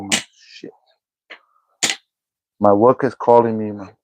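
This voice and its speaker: A man's voice: mid-range voice, sing-song, unhurried, pauses often, noisy background. A young man livestreaming, reading viewer comments aloud and answering them in an exasperated, scolding way. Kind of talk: live chat reading and replying.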